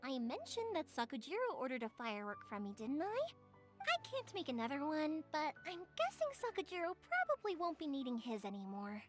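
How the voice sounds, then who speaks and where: Bubbly young fireworks maker, game dialogue, high and lively. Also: female voice, a little fast, faint music behind. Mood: cheerful. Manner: bubbly, talkative and warm-hearted.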